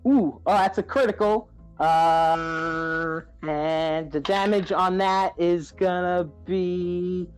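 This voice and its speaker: A man playing in a tabletop game, calmly calling out his dice rolls. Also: high voice, smooth, faint music behind. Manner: unhurried, calls out dice rolls. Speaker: player. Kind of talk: casual tabletop play.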